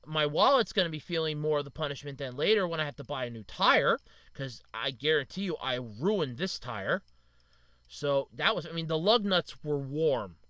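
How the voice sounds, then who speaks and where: A man's voice: a little high, animated, normal speed, bright, forceful tone, no echo, lo-fi sound. A man in his thirties hosting a casual solo podcast, venting in frustration and blaming himself, with lots of "uh". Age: 30s. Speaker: podcast host.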